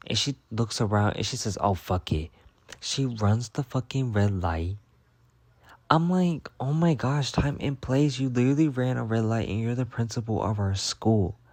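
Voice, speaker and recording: A man's voice: on the low side, darkish tone, no echo. A young man telling gossip stories in a casual, profane, dramatic monologue, full of "I'm like" retellings. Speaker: storyteller. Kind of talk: casual story-time monologue.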